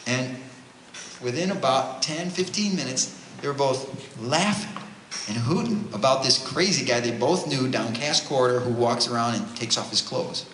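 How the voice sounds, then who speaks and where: A man giving a religious talk to a youth retreat, telling stories in an animated, conversational way. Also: mid-range voice, fairly quick. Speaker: retreat speaker, homeless ministry worker. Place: parish hall. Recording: roomy hall with faint noise.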